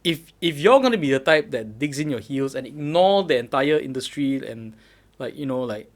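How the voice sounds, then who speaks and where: A young man with a Malaysian English accent hosting a casual podcast chat, animated and quick to laugh. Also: mid-range voice. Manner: animated, laughs often, talks in bursts. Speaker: podcast host.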